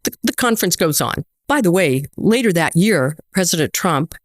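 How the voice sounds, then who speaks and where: Animated American woman telling stories. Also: on the low side, moderate pace, no room sound, studio quality. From United States. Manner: animated, tells stories with quoted dialogue. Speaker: guest. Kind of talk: casual storytelling interview.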